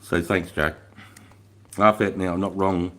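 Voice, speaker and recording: A middle-aged man hosts a livestream in casual chat, his voice sitting low with a steady tone, a measured pace, and a pushed, bright quality. He swears freely, rambles, and laughs often as he reads viewer comments aloud.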